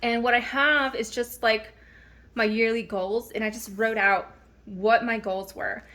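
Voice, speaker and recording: A woman's voice: a little high, fairly even intonation, a little slow, bright, forceful tone. A woman in her thirties casually chatting through her planner in a vlog, rambling a little with ums and restarts. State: slightly out of breath. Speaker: planner vlogger. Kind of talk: casual show-and-tell vlog. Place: home.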